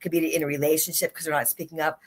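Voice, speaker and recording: A woman guest who works as a life and leadership coach speaks earnestly in a livestream interview over a video call, giving a motivational talk. Her low voice stays level but races along with a breathy edge, and she repeats key phrases for emphasis.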